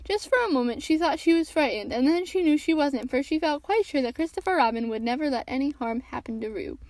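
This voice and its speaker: High-voiced woman reading a storybook. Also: expressive, a little fast, darkish tone, no room sound, rough recording. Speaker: podcast storyteller. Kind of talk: storybook read-aloud narration.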